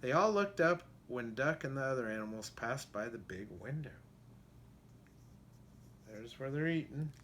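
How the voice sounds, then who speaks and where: A man reading a children's picture book aloud in an expressive way, pausing to ask his listeners questions. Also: mid-range voice, a little hiss or hum. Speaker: storybook reader. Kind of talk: children's storybook read-aloud.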